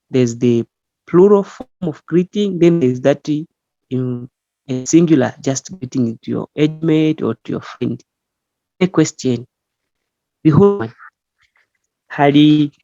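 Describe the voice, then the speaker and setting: A man from Zambia teaching a language in an online class, explaining slowly and patiently with frequent fillers. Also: mid-range voice, mellow, dry recording. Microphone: online call. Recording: muffled online call audio.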